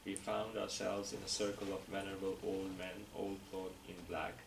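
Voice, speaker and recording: A man with a low, gravelly voice reads a story aloud in a steady, careful way. He sounds distant in an echoey room, with a clear layer of noise behind him. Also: normal speed. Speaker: reading group member.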